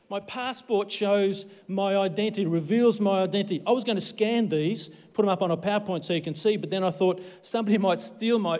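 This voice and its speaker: A man's voice: sits high, darkish tone, big-room sound. An Australian man preaching a livestreamed sermon as a pastor, with a jokey, self-deprecating manner.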